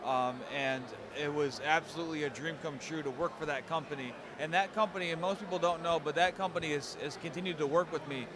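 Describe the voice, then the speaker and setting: A man's voice: on the high side, fast, few pauses. A man in his thirties, a pro wrestler answering interview questions in a friendly, chatty way. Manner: friendly and chatty, repeats words and says "man" often. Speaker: professional wrestler guest. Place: outdoors at a busy fan convention. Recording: crowd noise behind.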